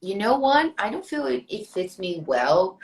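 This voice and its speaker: A woman's voice: medium pitch, very animated, measured pace. A Brazilian woman, Portuguese native, hosting a live stream on a phone call, laughing easily, with a Brazilian accent. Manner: laughing, friendly, loose English. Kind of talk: casual live-stream chat.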